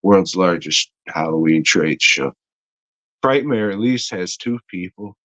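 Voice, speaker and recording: A man's voice: low voice, lively intonation, measured pace, fairly bright tone, no room sound. A man co-hosting a podcast, telling a story in a rambling, heavily profane way with lots of fillers. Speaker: podcast co-host. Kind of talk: casual storytelling chat.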